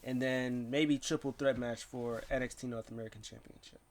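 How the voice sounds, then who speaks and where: Man, wrestling recap vlogger, rambling, excitable, casual rundown, middle pitch. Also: a little hiss or hum. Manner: rambling and excitable, with quick voices for the people he quotes.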